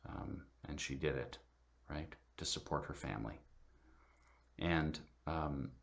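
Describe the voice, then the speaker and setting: A middle-aged man speaks to a church congregation in an extremely low, rumbling voice. He tells a family story in a halting way, full of fillers and restarts. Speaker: guest speaker at church service. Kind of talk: personal storytelling talk.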